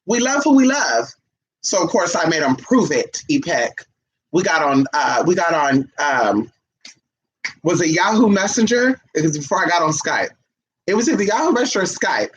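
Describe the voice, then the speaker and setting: A woman vlogger with a deep voice tells stories at a moderate pace in a casual, sassy and brash monologue, calling listeners honey. She's animated and jumps into other people's voices; the audio has its highs cut off and slight background noise.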